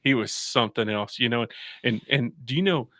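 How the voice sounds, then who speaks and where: A man's voice: medium pitch, moderate pace, sharp tone, no room sound, studio quality. A man hosting a radio show in casual chat, rambling through stories with restarts and laughs. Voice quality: gravelly. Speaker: radio host.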